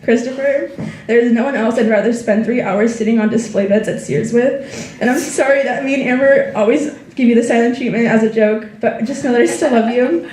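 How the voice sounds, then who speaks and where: Brief: teen girl, senior speech, tearful and heartfelt, mellow voice, echoey room. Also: fairly high pitch, brisk, far from the mic. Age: teens. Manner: heartfelt, reading thank-yous. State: tearful, near crying. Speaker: graduating student. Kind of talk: senior speech read aloud.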